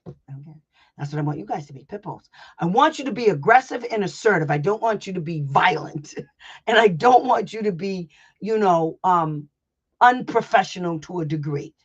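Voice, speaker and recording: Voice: mid-range voice, lively intonation, moderate pace, slightly rough. A brash, no-nonsense advocate coaches parents in a loose online session, swearing freely and acting out both sides of a school meeting. The voice sits mid-range and comes through a slightly dull, lo-fi recording. Points get hammered home through repetition. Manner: blunt, brash and emphatic, with profanity and frequent laughs; drills points by repetition and acted-out dialogue.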